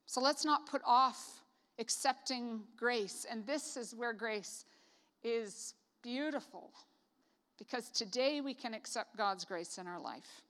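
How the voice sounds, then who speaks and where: A woman from Canada preaches a casual sermon, and her fairly high voice comes out bright. She talks in a chatty way with joking asides and plenty of "like". The sound carries a long echo of a large hall. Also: slow pace. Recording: reverberant hall.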